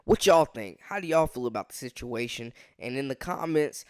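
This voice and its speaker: Animated man giving casual sports takes. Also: mid-range voice, moderate pace, few pauses, no room sound, studio quality. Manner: animated, conversational, frequent filler phrases. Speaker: sports commentary host. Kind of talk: casual video commentary.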